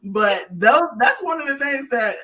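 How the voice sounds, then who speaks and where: Soft-spoken woman, slightly off-mic. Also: high voice, expressive, measured pace, distant mic. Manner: soft-spoken, plain and earnest. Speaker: guest. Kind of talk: casual conversation.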